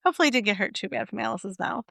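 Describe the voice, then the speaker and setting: A woman co-hosting a podcast, chatting casually and telling lively stories. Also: on the high side, racing, creaky, no echo, studio quality. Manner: chatty, animated storytelling with laughs. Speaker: podcast co-host. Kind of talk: casual chat.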